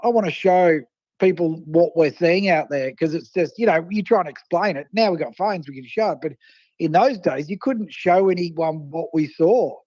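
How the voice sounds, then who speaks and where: An Australian man, a fishing writer and photographer, telling animated stories over a phone line and acting out the people he quotes. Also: a little high, moderate pace, no echo. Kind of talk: casual storytelling over the phone.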